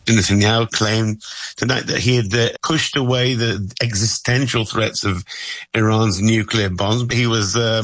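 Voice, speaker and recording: A man speaks as a correspondent, giving thoughtful analysis in a lowish voice. He often pauses with fillers and restarts his phrases, and the sound is dry and close. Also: fairly bright tone, no echo, poor audio. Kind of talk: news analysis.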